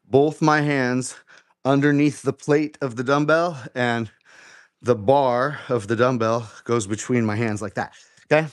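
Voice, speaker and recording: A man's voice: medium pitch, measured pace. A middle-aged man hosting a live workout show, casually coaching and counting reps aloud, a little out of breath as he exercises. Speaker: fitness show host.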